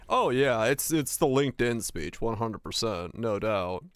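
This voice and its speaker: A man's voice: medium pitch, a little slow, hardly any pauses, a bit bright, no echo. A young man streams casually while he plays. He rambles and swears freely, often tripping over his words and starting sentences again. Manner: rambling and profane, with frequent stammered restarts. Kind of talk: casual chat while gaming, reading chat.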